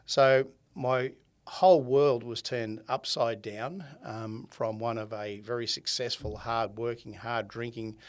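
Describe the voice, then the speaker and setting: A man's voice: mid-range voice, fairly even intonation, unhurried. A man in his seventies with an Australian accent, a podcast guest who tells his story with energy, acting out quoted dialogue and often laughing. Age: 70s. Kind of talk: conversational storytelling.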